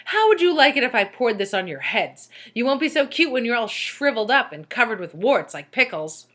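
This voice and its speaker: A woman voicing a strict, short-tempered schoolteacher who scolds and shouts at her class. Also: a little high, sing-song, a little fast, pitched above the performer's own voice. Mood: menacing.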